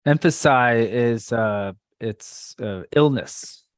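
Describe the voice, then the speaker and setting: A man with a Florida accent, a podcast host chatting in a joking, halting way. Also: medium pitch, clean tone, dry recording, clean studio sound. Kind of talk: casual podcast chat.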